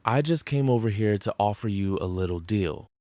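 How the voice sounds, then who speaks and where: A man's voice: on the low side, animated, moderate pace, darkish tone, no echo, close to an everyday voice. An actor playing a condescending male rival restaurant owner in a sitcom. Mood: smug. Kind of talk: sitcom acting.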